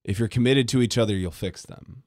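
A man's voice: mid-range voice, brisk, a little mellow, no echo, studio quality. A man talking earnestly and plainly in a casual podcast chat.

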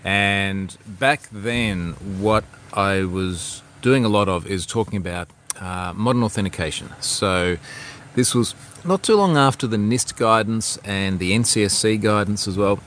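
Man, easygoing livestream host, lowish voice, rambling delivery, faint background noise. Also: a bit bright. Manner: rambling, restarts mid-sentence, reads viewer comments aloud. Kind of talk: casual livestream chat. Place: outdoors at home with a view.

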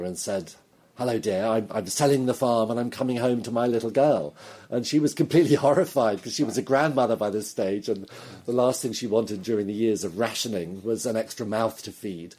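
A man's voice: fairly low pitch, dark tone, breathy edge. A man, a novelist being interviewed, talking in a thoughtful, detailed way and laughing easily. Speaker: novelist guest. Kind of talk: interview conversation.

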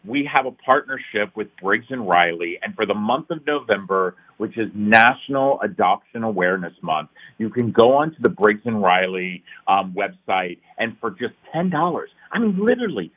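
A man's voice: on the low side, lively intonation, normal speed, few pauses. A middle-aged man, a nonprofit founder, telling his story in an interview with earnest, emphatic passion. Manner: earnest, emphatic, building to rousing peaks. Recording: tinny phone-like line.

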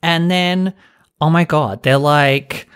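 A man's voice: on the high side, slow, fairly bright tone, clear, resonant tone. Ranting man, casual and sweary. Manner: chatty and exasperated, constant fillers and swearing. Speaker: podcast host. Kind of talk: casual storytelling rant.

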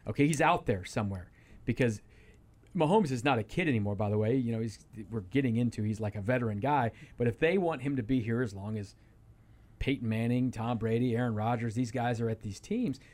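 A man's voice: medium pitch, a little fast, darkish tone. A man talking sports on a radio show in a studio, rambling and emphatic, often restarting his sentences. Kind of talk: casual sports talk.

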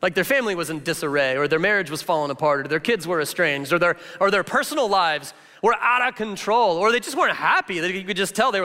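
A man gives a loose, conversational sermon in a big reverberant hall. His voice sits high and bright, and he talks in an animated, chatty way, tossing in plenty of filler words. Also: quick pace, hardly any pauses. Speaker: pastor.

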